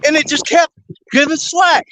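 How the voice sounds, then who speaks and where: An excitable man with a very high voice, rambling breathlessly while fishing outdoors. He laughs between sentences and tells his story at a tumbling pace. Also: moderate pace, slight background noise. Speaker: fishing show host. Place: outdoors by a river.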